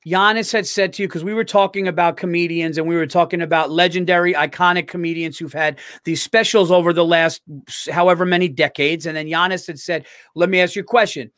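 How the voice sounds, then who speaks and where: High-voiced comedian guy on a podcast, animated, teasing, dry sound. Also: a little fast, hardly any pauses, no echo. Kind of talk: casual chat.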